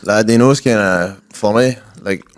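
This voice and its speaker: A man's voice: lowish voice, moderate pace. A young man, co-hosting a casual comedy chat, telling stories and laughing often. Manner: laid-back storytelling, laughs often. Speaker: podcast co-host.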